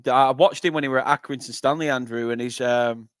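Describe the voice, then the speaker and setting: A young northern English man hosting a live football watchalong, chatting with viewers and breaking into excited play-by-play. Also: mid-range voice, a little fast, clean tone, dry recording, studio quality. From northern England. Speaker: fan channel host.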